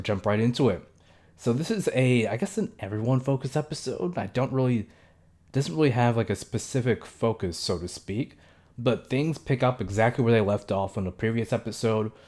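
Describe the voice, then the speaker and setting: A young man talks through an episode recap in a loose, chatty way, stumbling and correcting himself as he goes. His voice sits at an ordinary middle pitch, and he slips into quick impressions of the characters. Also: darkish tone. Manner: chatty, many fillers and self-corrections; mimics characters' lines in quick asides. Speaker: show reviewer.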